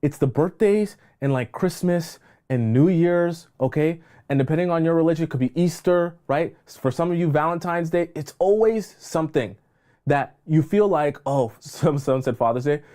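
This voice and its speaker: A man's voice: on the high side, normal speed, dark tone. A man coaching on dating in a live stream, emphatic and scolding, repeating phrases for stress. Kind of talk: live-stream relationship advice.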